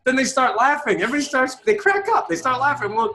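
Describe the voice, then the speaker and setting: A man's voice: extremely high pitch, sing-song, fast, pushed and bright. A middle-aged man, an author and speaker, telling his story as an interview guest with emphatic rhetorical questions. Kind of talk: animated storytelling.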